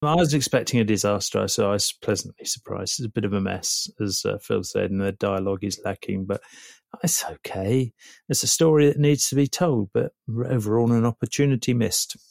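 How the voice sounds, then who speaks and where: A man giving a measured, wry film review. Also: on the low side, gravelly, a little mellow, no echo, clean studio sound. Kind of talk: casual film review chat.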